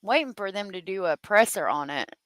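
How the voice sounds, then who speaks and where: A woman's voice: mid-range voice, expressive, fairly quick, dry recording, low-quality recording. A woman hosting a true crime livestream, chatting casually, reading viewer comments aloud and laughing often.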